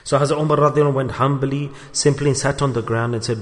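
A man giving a storytelling sermon, animated, acting out dialogue and repeating phrases for emphasis. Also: medium pitch, very fast. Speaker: preacher. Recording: long hall reverb.

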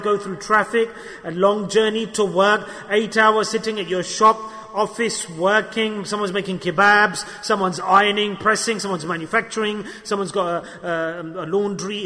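A man's voice: high-pitched, pushed and bright, big-room sound. A man preaching a sermon with fervour, acting out people's excuses in mocking voices.

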